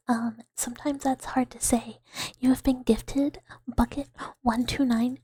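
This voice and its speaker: Breathy whispering woman on an asmr stream, giggly, high voice, unhurried. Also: fairly even intonation, mellow, no echo. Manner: giggly, playful, repeats words as triggers. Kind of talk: whispered ASMR livestream chat.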